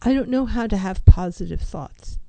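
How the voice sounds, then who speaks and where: Mellow-voiced woman counselor, emphatic. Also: medium pitch, expressive, normal speed, vocal fry, dry recording, rough recording. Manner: emphatic, repeats key phrases, asks rhetorical questions. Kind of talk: motivational talk on mental health.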